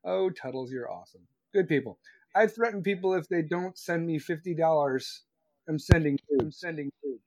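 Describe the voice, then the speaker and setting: A man rants in a loose, crude and sarcastic way, drifting from one tangent to the next. His voice sits a bit high for a man, and the recording is dry and close with no room sound. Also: normal speed, a little mellow, dry recording. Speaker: live-stream host. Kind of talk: casual profane rant.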